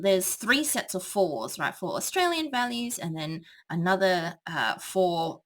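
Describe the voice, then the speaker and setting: A woman's voice: on the low side, fairly bright tone. A woman tutor explaining a speech to students in a thoughtful, hesitant way. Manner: thoughtful, hesitant with many ums. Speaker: English tutor.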